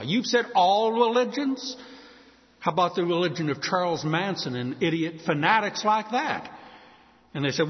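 A man's voice: sits high, lively intonation, normal speed. A man preaching a sermon, emphatic, acting out back-and-forth exchanges with doubters. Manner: emphatic, acts out quoted exchanges. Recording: dull lo-fi sound with long hall reverb.

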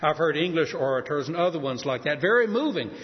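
Older male preacher in a lively, echoing hall. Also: fairly high pitch. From Texas. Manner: earnest preaching with shifting emphasis and dramatic pauses. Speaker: pastor. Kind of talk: sermon. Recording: muffled sound in a reverberant hall.

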